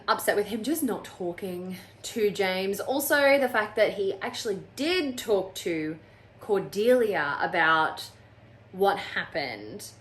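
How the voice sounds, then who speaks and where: A woman's voice: medium pitch, fairly bright tone. A woman reviewing a book on her channel in a casual, sarcastic and exasperated way, often mocking the characters.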